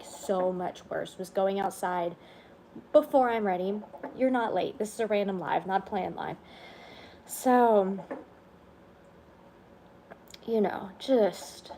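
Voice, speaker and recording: A woman's voice: medium pitch, a little hiss or hum. A woman chatting on a casual livestream, tired and under the weather, rambling and yawning. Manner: rambling, yawning, soft-spoken asides. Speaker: vlogger on a livestream.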